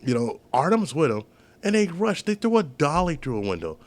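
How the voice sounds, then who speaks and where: A man chatting as a podcast guest, telling stories in an animated, profane way. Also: a little high, a little fast. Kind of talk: casual podcast chat.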